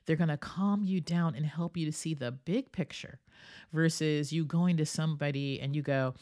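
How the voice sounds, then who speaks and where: A woman's voice: sits low, moderate pace, mellow. A woman hosting a solo wellness podcast, talking in a coaching way, asking "right?" often and acting out the people she quotes. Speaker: podcast host.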